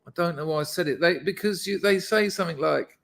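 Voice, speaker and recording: A man's voice: a little high, fast talker, creaky, fairly bright tone. A man hosting a casual live stream, rambling and chatting to his viewers with self-deprecating asides. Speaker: livestream host.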